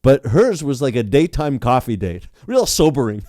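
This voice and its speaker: A man's voice: medium pitch, a little slow, dry recording. A young adult man co-hosting a podcast, chatting casually and animatedly with frequent restarts. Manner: animated, lots of restarts and laughter. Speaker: podcast co-host. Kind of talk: casual chat.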